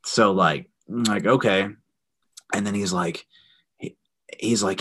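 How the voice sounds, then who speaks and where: A young man with a lowish voice tells a story in a casual, heated way. He swears constantly and talks freely. He sounds like a podcast guest going off on a rant. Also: animated, a little slow, long pauses, fairly bright tone. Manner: profane, heated, swears often. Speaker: podcast guest, former wrestler.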